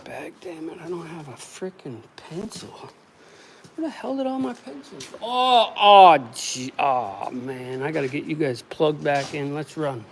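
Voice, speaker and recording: A man casually talking to camera while building cabinets, rambling and swearing, with loud groans and outbursts. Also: fairly high pitch, unhurried, creaky, slight background noise. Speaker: woodworker vlogger. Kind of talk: casual workshop talk to camera.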